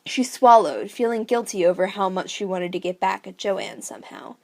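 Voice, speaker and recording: Amateur woman reader, novel aloud, mid pitch, gushing profane asides. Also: normal speed, vocal fry. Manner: excited, profane, rambling outbursts in commentary. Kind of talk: reading a novel aloud with commentary.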